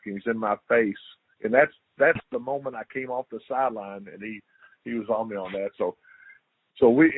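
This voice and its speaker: A man's voice: medium pitch, breathy edge, no room sound. An older man, a former football player, telling stories as a guest in a casual interview, repeating his words and acting out quotes. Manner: lively storyteller, repeats words, acts out quotes. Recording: tinny dry phone line.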